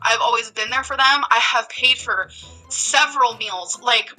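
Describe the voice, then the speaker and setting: A woman's voice: on the high side, normal speed, bright, forceful tone, soft background music, low-quality recording. A woman telling a story on her vlog, emphatic and heated, with many fillers like "like" and "um". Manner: emphatic, heated rant full of "like" and "um". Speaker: vlogger.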